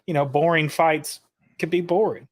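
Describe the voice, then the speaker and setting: A man's voice: a little high, fairly even intonation, normal speed. A man co-hosting a comedy podcast, chatting in an easygoing, opinionated way. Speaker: co-host. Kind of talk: casual comedy podcast chat.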